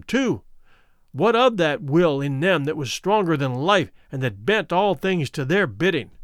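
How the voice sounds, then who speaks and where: A man reads a classic story aloud with dramatic expression, his pitch lively and lifting often. The voice sits a little high. The recording is dry and close, with no room sound. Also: no room sound. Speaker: audiobook narrator. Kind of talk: scripted story narration.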